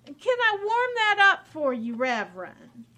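An actress playing a gentle, cheerful mother who speaks sweetly and patiently. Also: high voice, big pitch swings, measured pace, heavily acted. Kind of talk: drama scene.

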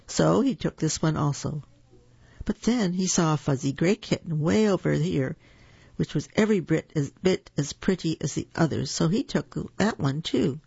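Kids storybook reader, gravelly husky voice, dry muffled lo-fi sound. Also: medium pitch, no echo. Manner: slow, gentle and expressive. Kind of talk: children's storybook read-aloud. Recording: dull lo-fi recording.

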